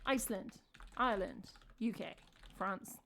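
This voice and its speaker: A woman's voice: mid-range voice, very animated, measured pace, gravelly, fairly bright tone, a little hiss or hum. A woman with an English accent, chatting casually on a live stream, thinking aloud and answering her chat. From England.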